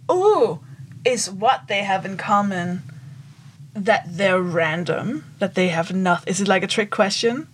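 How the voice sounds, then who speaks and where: A woman's voice: mid-range voice, expressive, measured pace, a little hiss or hum. Playful woman podcast co-host. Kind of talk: casual chat.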